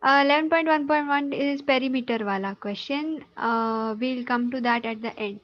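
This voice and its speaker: A woman's voice: high voice, moderate pace, dull audio. A woman teacher with an Indian English accent, patiently explaining geometry in an online class and checking in with the students often. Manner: patient, explanatory, checks understanding with tag questions.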